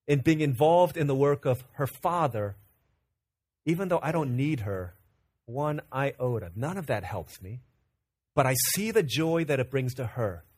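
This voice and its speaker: A man's voice: medium pitch, husky. A man in his thirties preaching a sermon, telling a family story with quoted dialogue and many rhetorical questions. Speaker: pastor.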